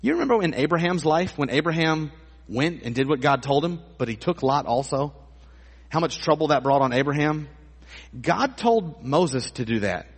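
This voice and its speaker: Husky pastor preaching in a reverberant church. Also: male voice, a little high, normal speed. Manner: animated, acts out voices with comic exaggeration. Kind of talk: sermon. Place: church sanctuary. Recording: long hall reverb.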